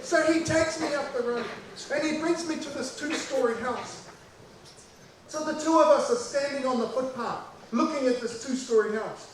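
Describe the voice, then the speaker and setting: A New Zealand man tells a childhood story with lively repetition and a notably high voice. He sounds far from the mic in a very echoey room. A faint hiss sits underneath. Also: moderate pace. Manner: animated, repeating lines for effect.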